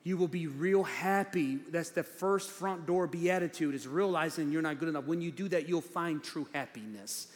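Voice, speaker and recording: A man preaching a sermon as pastor, animated, swinging from loud preaching to low asides. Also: moderate pace, few pauses. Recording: long hall reverb.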